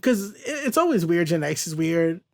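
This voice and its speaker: A man with a slightly high, a little mellow voice and big pitch swings hosts a casual podcast reviewing a comic. He goes page by page, reading character lines aloud in quick, loose paraphrase and laughing often.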